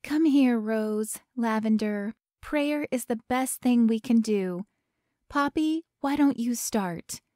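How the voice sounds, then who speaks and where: Lady reading a gentle calm sister, bit higher, soft guiding tone. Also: slow pace, no room sound, studio quality. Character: calm grown sister leading prayer.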